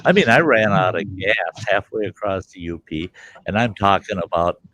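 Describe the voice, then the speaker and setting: A man's voice: fairly low pitch, lively intonation, moderate pace, fairly bright tone. A middle-aged man hosting a livestream, telling rambling, colorful anecdotes in a folksy way and acting out what people said. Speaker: livestream host. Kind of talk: folksy storytelling chat.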